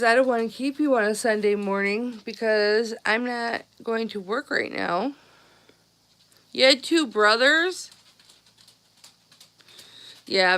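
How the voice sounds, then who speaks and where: A woman's voice: mid-range voice, a bit bright. A middle-aged woman telling a childhood story to her live viewers in a chatty way, acting out the people in it. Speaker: vlogger talking to live viewers. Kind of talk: casual live-stream storytelling.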